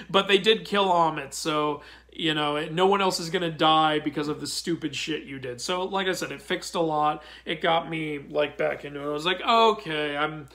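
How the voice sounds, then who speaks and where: A man giving a casual review of a TV episode, excitable and prone to exasperated outbursts. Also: on the high side. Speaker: mythology video commentator.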